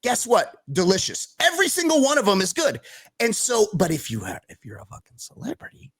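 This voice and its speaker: A man's voice: sits high, wildly swooping pitch, brisk, fairly bright tone, breathy edge. A man co-hosting a podcast, ranting in casual chat with lots of profanity. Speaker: podcast co-host.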